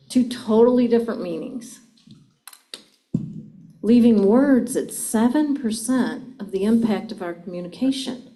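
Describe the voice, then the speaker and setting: A woman's voice: mid-range voice, expressive, a little slow, dark tone. A middle-aged woman giving a live seminar talk on communication, engaging the audience with frequent questions. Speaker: communication speaker.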